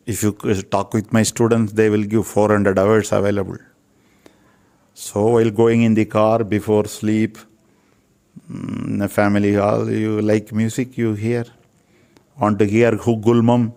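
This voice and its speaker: Older man, Indian English accent, low voice, earnest guest sharing wisdom. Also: flat delivery, unhurried, dark tone, clear, resonant tone. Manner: preachy, repeats phrases for emphasis. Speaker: Ayurvedic physician interviewed as guest. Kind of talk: earnest spiritual talk.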